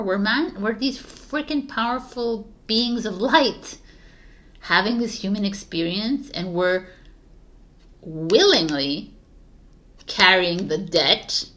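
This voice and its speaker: A middle-aged woman tarot reader from Canada, talking casually and passionately to her viewers, with frequent fillers. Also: mid-range voice. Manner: passionate, animated, laughs often, frequent "like" fillers. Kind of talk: casual spiritual talk to camera.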